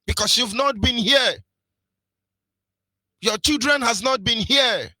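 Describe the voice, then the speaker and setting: A man's voice: very high voice, takes it slowly, pushed and bright, no room sound. Fiery Nigerian man preaching on radio. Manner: preachy, with rhetorical questions and sing-song emphasis. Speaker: radio presenter. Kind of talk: impassioned political radio commentary.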